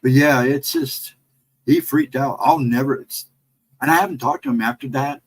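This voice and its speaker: A middle-aged American man hosting a casual livestream, telling a story in a rambling, animated way and reading out chat messages. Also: mid-range voice, normal speed, poor audio. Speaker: livestream host.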